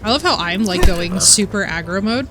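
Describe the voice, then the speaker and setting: A woman's voice: mid-range voice, lively intonation, moderate pace. A young woman streaming a game, chatting casually and trash-talking with a playful, brash manner. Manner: brash, playful trash talk with frequent laughs. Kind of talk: casual gaming stream chat. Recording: game music playing behind.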